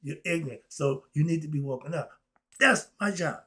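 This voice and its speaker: An excitable man hosts his own spiritual commentary, firing off rhetorical questions and answering them. His voice sits a little high and bright, with a husky edge and lively swings in pitch. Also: moderate pace. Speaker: host. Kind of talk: animated spiritual commentary vlog.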